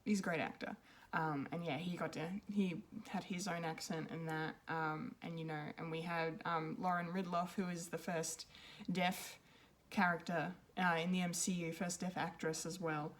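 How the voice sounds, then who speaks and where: A woman's voice: fairly low pitch, little pitch movement, normal speed, few pauses. A woman giving an unscripted film review, rambling and hesitant, with many ums and restarts. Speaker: pop culture reviewer.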